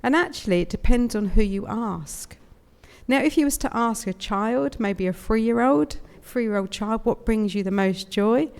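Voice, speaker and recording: A British woman in her fifties speaks as a guest speaker to a congregation, chatty and openly emotional. Her voice carries a gravelly fry, and it rings out with long reverb in a large hall. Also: a little high, unhurried, darkish tone. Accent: British English. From United Kingdom. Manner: chatty and emotional, laughs often. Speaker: guest speaker at a spiritualist service. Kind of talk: inspirational platform talk.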